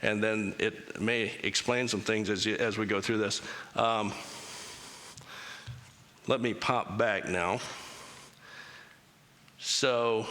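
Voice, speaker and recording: A man with a lowish, bright voice and a forceful tone gives an interactive church talk in a chapel, where a long reverb trails his words. He keeps it casual and joking, asking the congregation to raise their hands.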